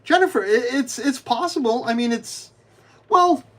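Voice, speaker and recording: A man's voice: extremely high pitch, normal speed. A man on a casual live stream, rambling with many restarts, answering viewers by name and muttering to himself as he builds. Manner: mutters to himself while fiddling with pieces. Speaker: livestreamer.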